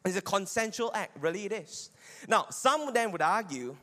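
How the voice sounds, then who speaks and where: Forceful and bright, this man's high-sitting voice is expressive and keeps a normal speed. He's a Bible teacher delivering an argumentative teaching sermon in a space with long hall reverb, regularly asking listeners "right?"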